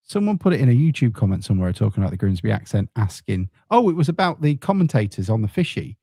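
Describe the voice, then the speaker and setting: A man's voice: lowish voice, sing-song, fast talker, dark tone, husky, no echo, studio quality. A man, co-hosting a podcast in a casual, wry football chat and reading out listener comments. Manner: wry, laid-back, reads listener comments. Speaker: podcast co-host.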